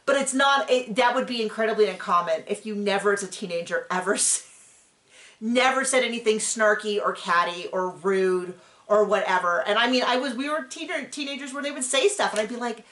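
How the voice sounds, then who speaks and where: A middle-aged woman co-hosting a reality show recap, talking in an animated, rambling way and acting out quotes. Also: fairly high pitch, moderate pace. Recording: echoey room.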